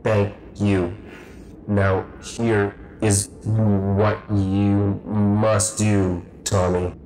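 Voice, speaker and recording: A man reading the part of a calm, polite male war machine AI in an audiobook, measured and even. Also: on the low side, gravelly, soft background music, poor audio. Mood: gentle.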